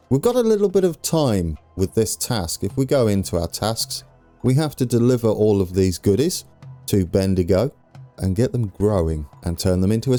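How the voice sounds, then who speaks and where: A man's voice: on the low side, mellow. A young man hosting a let's play, chatting casually and thinking aloud as he plays, poking fun at himself. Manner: chatty, self-mocking, thinking aloud while playing. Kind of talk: casual gameplay commentary.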